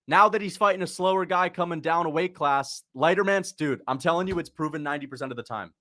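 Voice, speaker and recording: A man hosting a casual livestream, reacting to a fight as it happens and talking to his chat, breaking into excited shouts at big moments. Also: a little high, fairly quick, few pauses. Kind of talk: casual live commentary.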